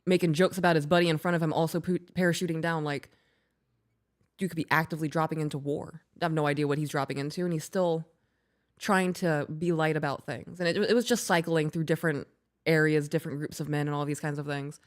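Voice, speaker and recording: A woman co-hosting a podcast, chatting casually and bluntly. She swears freely and laughs her way through stories. Her voice sits a bit low for a woman. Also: steady tone, fast. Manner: blunt, profane, laughing while storytelling. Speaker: podcast co-host.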